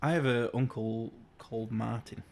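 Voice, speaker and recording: A man co-hosting a podcast in casual chat, laughing often and throwing in quick jokes. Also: medium pitch, steady tone, vocal fry, a little hiss or hum. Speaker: podcast co-host.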